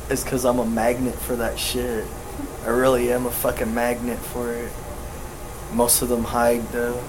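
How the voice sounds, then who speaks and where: A man's voice: medium pitch, noisy background. A man co-hosting a podcast, telling stories in a profane, rambling, casual way. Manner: profane, rambling, animated storyteller. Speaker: podcast co-host. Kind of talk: casual storytelling chat.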